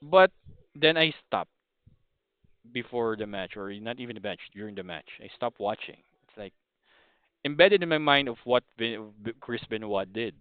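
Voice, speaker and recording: A man's voice: mid-range voice, expressive, moderate pace, smooth, no room sound. A man in his thirties from the Philippines with a Filipino accent, hosting a podcast as a casual opinion monologue, rambling with frequent restarts and apologies. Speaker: podcast host. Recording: thin phone-like audio.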